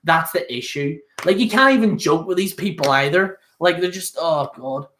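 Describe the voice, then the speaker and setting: A young man chatting loosely to his stream audience. His voice sits a little high for a man, and he rambles on in casual, sweary talk full of fillers. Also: moderate pace, a bit bright, slight background noise. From Northern Ireland. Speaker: host. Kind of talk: casual solo livestream chat.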